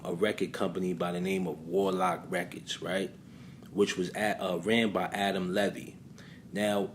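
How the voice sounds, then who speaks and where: A man's voice: deep voice, a little hiss or hum. A man hosting his channel, telling a story in loose casual commentary full of fillers. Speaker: channel host.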